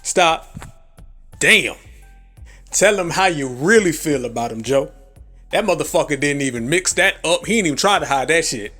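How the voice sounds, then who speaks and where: A man hosts a live commentary stream in a brash, foul-mouthed style and often laughs at his own jokes. His voice sits a little high for a man. Faint music plays under his talk. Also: lively intonation, normal speed, long pauses, sharp tone. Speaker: livestream commentary host.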